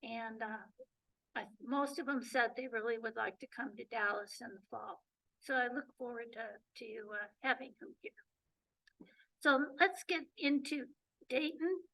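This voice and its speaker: A high-pitched woman from the Detroit area presents to her club in an unhurried, chatty way, full of ums and restarts. Her voice is bright but going hoarse, and it is picked up from across a meeting room. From Detroit area, Michigan. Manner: chatty, many fillers and restarts. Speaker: presenter and journey coordinator. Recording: voice picked up from a distance.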